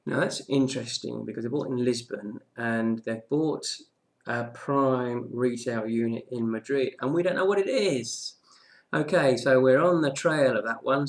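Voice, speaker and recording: A man presenting a casual daily property market news update, chatty, with frequent "okay"s and restarts. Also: medium pitch.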